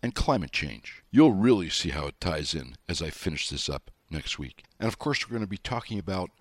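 A man's voice: deep voice, big pitch swings, a little fast, dry recording. A middle-aged man hosting a talk show, delivering an emphatic monologue with sarcastic asides and spelled-out words. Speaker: show host.

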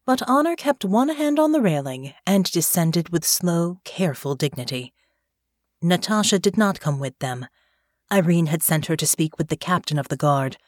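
A woman narrating an audiobook in a measured, expressive way. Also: low-pitched, no room sound, studio quality. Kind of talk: scripted narration.

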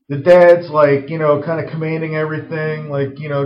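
A man casually pitching a film scene, rambling with lots of fillers and some swearing. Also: steady tone, normal speed, few pauses. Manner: rambling, full of "like" and "uh", profane. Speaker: screenwriter pitching a story. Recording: roomy, dull lo-fi recording.

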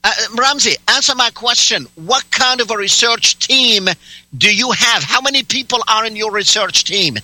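High-voiced sarcastic radio host. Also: male voice, moderate pace, sharp tone, no room sound, rough recording. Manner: interrupting, demanding, sarcastic. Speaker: radio talk show host. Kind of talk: heated on-air argument with a caller.

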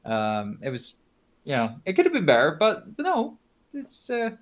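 A man's voice: fairly high pitch, huge pitch swings, normal speed, lo-fi sound. A man with a Scottish accent co-hosting a casual wrestling podcast, hesitant with many fillers. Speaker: podcast co-host. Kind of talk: casual chat.

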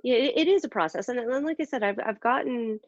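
A woman's voice: fairly high pitch, animated, quick pace, dry recording, dull audio. A woman telling a personal story in casual conversation, rambling and self-deprecating with lots of fillers and restarts.

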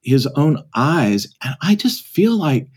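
A pastor and author, here a podcast guest, earnestly recounts a story and voices its characters. His husky voice is fairly high and very animated, yet his pace is slow.

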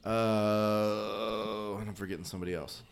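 A man's voice: on the low side, flat delivery, a little slow, gravelly. A man co-hosting a comedy sports podcast, chatting casually in a bar and rattling off opinions and playoff teams. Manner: rattles off opinions and team lists. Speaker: podcast co-host.

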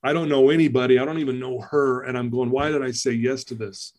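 A man's voice: medium pitch, steady tone, fast talker, darkish tone. A middle-aged man, a personal-development coach, tells his life story as a podcast guest, acting out the dialogue.

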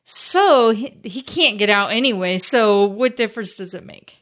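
A woman's voice: mid-range voice, animated, moderate pace, a bit bright. A woman co-hosting a podcast, chatting casually about a film with dry, good-humored remarks. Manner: wry, laughs easily, short replies. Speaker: podcast co-host.

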